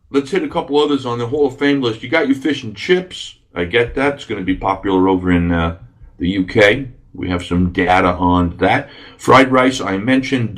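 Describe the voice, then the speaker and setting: A man hosting a radio podcast, chatting casually and enthusiastically, rambling with many fillers. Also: lowish voice. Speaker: radio host. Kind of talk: casual solo podcast talk.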